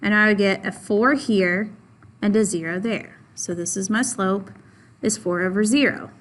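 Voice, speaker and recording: Female math teacher, patient, leans on key words, mid-pitched. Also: normal speed. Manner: patient, repeats and stresses key points; asks questions of the class and answers them herself. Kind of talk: classroom lesson.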